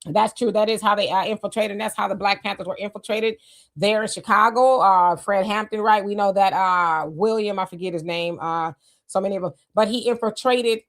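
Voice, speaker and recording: A woman hosting a casual live stream, greeting viewers by name, reading their comments aloud and musing on them in a loose, unhurried way. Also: medium pitch. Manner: loose, musing, often trails off with "I don't know". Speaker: livestream host.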